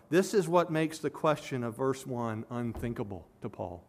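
Male preacher, earnest expository delivery with emphatic swells; voice sits a little high. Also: expressive, moderate pace, few pauses, darkish tone. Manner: earnest, builds to emphatic peaks. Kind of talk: expository sermon.

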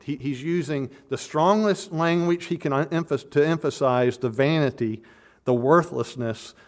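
Man, preacher, earnest sermon, emphatic, repeats words, mid-pitched voice. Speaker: pastor. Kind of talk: expository sermon.

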